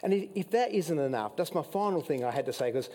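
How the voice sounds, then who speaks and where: An Australian man preaching a sermon as pastor, telling Bible stories with mounting excitement and some emotion. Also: quick pace, big-room sound. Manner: animated storytelling preacher, rising pitch when excited, admits getting emotional. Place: church hall.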